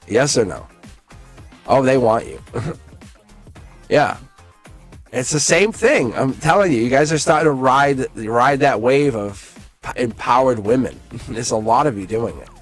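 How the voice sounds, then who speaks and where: A man hosts a live tarot reading in an excited, rambling way, breaking off and restarting his sentences and laughing often. His voice sits at an ordinary middle pitch. Faint music plays behind him. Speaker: tarot reader.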